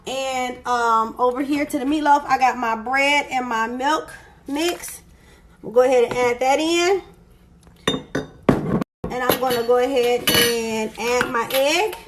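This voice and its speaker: A woman's voice: sits high, unhurried, background noise. A woman hosting a home cooking video, chatty and explaining each step as she cooks in her kitchen. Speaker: cooking show host. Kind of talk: casual cooking demonstration.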